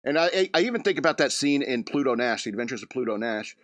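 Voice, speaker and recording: A man's voice: mid-range voice, animated, fast talker, a bit bright, no room sound. A man hosting a comedy radio show, rambling through a loose monologue with restarts and chuckles.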